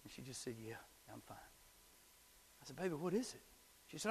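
A man's voice: medium pitch, very animated, fairly quick, vocal fry, long pauses, slightly rough. Preaching man in a reverberant hall. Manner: swings from hushed whispers to shouted climaxes. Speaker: pastor. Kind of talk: sermon. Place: church sanctuary.

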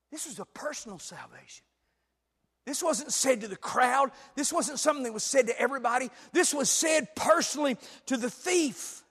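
A pastor with a very high, bright, forceful voice delivers a sermon. He moves from calm storytelling to shouted, climactic preaching. His voice rings out with a long hall reverb. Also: brisk, slightly rough. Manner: builds from quiet storytelling to loud shouted preaching.

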